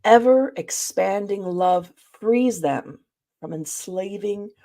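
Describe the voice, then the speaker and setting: A woman presenting a reflective spiritual study talk, speaking in a measured way and addressing her listeners directly. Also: medium pitch, dark tone.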